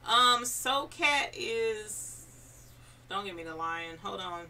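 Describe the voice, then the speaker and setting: Chatty woman live-streaming, bright voice. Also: mid-range voice, lively intonation, takes it slowly, recorded from a distance. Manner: reads viewer comments aloud, chatty and encouraging. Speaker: embroidery channel host. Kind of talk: casual live-stream chat.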